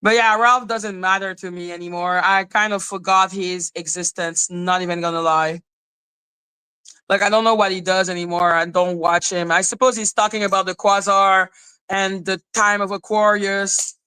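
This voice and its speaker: A woman hosting a live podcast, ranting in an animated, profane way and laughing often. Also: medium pitch, normal speed, clear, resonant tone, poor audio. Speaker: podcast host.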